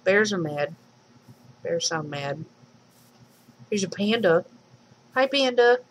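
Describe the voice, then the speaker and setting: Heavy background noise surrounds this let's play host and mod maker as she slowly talks through her own game in a lowish voice. She chats with animals along the way and squeals when something startles her.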